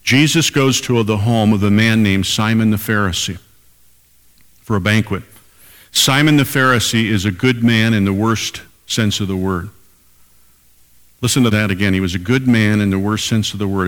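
A man's voice: fairly low pitch, steady tone, normal speed, in a large hall. An older man preaching a sermon as pastor, emphatic and repeating key lines for weight.

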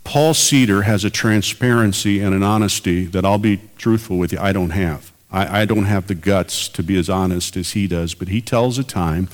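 A man's voice: low voice, normal speed, few pauses. A man preaching a sermon as pastor and radio preacher, earnest and building to emphatic peaks.

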